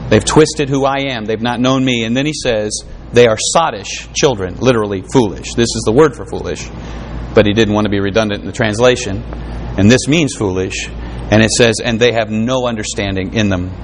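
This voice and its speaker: A man's voice: lowish voice, brisk, a little hiss or hum. A man preaching a sermon, reading scripture aloud with fervent, rising and falling emphasis. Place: room with an audience.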